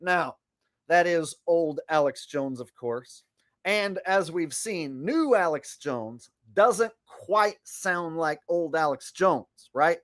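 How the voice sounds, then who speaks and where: This man's voice sits on the high side, a bit bright, animated yet slow. He hosts a livestream, commenting on clips in a casual, boastful, rambling manner.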